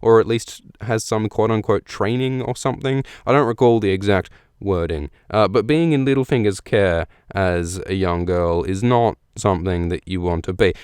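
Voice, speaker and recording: A man's voice: low-pitched, smooth, no echo, clean studio sound. A man hosting a podcast, recapping a book in a chatty, rambling way full of fillers and restarts. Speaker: podcast host. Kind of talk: casual chat about a book.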